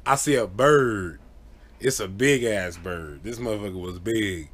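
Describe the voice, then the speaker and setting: A man telling a true story to camera in a casual, animated way, often laughing and acting out the people in it. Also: lowish voice, a little slow. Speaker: vlogger.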